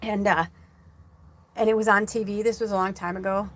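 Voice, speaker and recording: A woman's voice: medium pitch, little pitch movement, fairly quick, fairly bright tone, slight background noise. Middle-aged woman, psychic medium host, casual rambling livestream talk, emotional, near tears. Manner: rambling, heavy use of "like" fillers.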